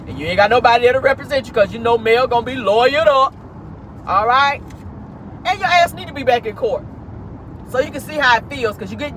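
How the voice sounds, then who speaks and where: A woman streaming celebrity gossip from her car, sassy and animated, calling her viewers honey and child. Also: fairly high pitch, a little hiss or hum. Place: inside a car.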